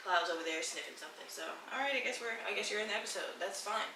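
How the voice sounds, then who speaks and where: A woman hosts her solo podcast from home, talking in a loose, candid and profane way straight to her listeners. Her voice is bright and clear, picked up from a little way off the mic in an echoey room. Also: mid-range voice, fast talker, far from the mic, slight background noise. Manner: candid, profane, emotional, addresses listeners as y'all. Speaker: podcast host. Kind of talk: casual solo podcast chat. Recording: roomy echo, slightly off-mic.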